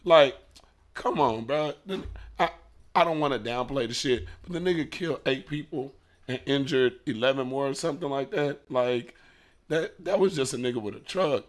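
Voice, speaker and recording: A man's voice: medium pitch, normal speed. Blunt, cussing man in casual radio banter. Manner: blunt, profane, casual slang. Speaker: radio show co-host.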